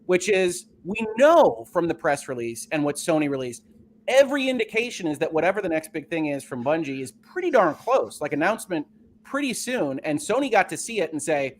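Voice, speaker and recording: A man talking on a gaming podcast panel, lively and fond of acting out imagined dialogue. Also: on the high side, a little fast, a little hiss or hum. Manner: animated, acts out quoted dialogue. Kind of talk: casual panel discussion.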